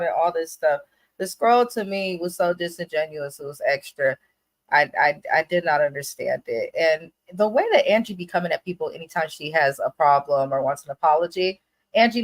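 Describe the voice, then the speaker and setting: A woman's voice: fairly low pitch, no room sound. Blunt opinionated woman, dry sound. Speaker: reality TV recap co-host. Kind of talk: casual recap chat.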